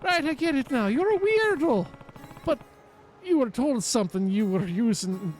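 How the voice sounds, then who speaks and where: A man's voice: extremely high pitch, animated, moderate pace, a little mellow, faint music behind, voice pushed up. A man voicing a brash, swaggering pirate captain with boisterous mock pirate talk. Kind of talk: voicing game dialogue on a stream.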